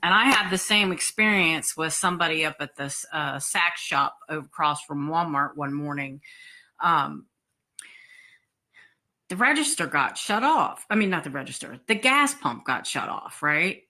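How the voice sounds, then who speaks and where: A woman's voice: sits low, expressive, normal speed, sharp tone. A woman vlogger telling a story in a casual, blunt way, swearing freely.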